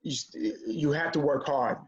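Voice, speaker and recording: A man telling a story in a relaxed conversation, his voice sitting a little high. He acts out the voices of the people in his tale with lively energy. The audio is somewhat dull and lo-fi. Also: moderate pace. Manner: animated storyteller acting out quoted voices. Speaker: comedian guest.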